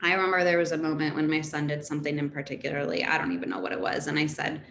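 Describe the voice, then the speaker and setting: Woman in her 30s, therapist chatting to a parent group, animated and casual, roomy echo. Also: deep voice, rapid-fire. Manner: conversational and animated, laughs between points. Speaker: therapist speaking to a parent council. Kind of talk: informal presentation. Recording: echoey room with faint background noise.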